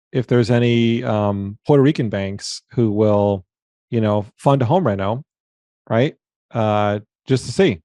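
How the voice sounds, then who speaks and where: A man speaking as a guest in a casual business talk, relaxed, thinking aloud and often adding "right?". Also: lowish voice, no room sound.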